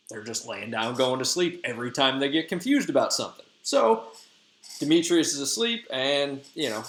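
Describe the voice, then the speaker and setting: A man's voice: medium pitch, a bit bright. A man in his thirties, a teacher retelling a play in chatty, jokey, slangy talk. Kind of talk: casual lesson retelling a play. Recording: echoey room.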